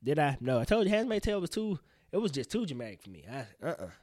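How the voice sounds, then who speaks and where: A man hosting a casual solo podcast, rambling in slang with profane, animated outbursts. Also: on the high side, fast, no room sound. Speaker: podcast host.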